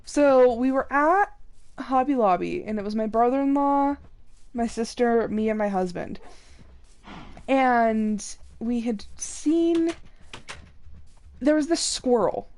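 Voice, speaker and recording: A young woman chatting casually and rambling on a live game stream, self-deprecating, with sudden excited outbursts. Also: fairly high pitch, takes it slowly, pauses often. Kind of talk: casual live-stream chat while gaming.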